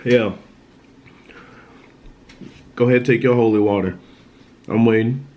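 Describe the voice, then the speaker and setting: A young man tells a personal story on his vlog in a loose, casual monologue that circles back on itself, repeatedly asking "you know what I'm saying." His mid-range, dark voice keeps a measured pace and fairly even intonation. The recording is rough.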